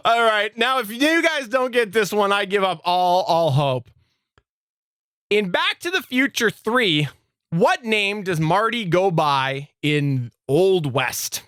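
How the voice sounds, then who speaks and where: A man hosting a casual podcast quiz game, playful and quick to laugh. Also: sits high, sing-song, fairly bright tone, smooth, no room sound, clean studio sound. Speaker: quiz host.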